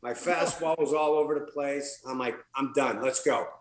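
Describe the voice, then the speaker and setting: A man guesting on a podcast, a former pitcher, tells a casual, profane story in a medium-pitched voice at a moderate pace. He laughs and acts out what others said, and the recording has a roomy echo.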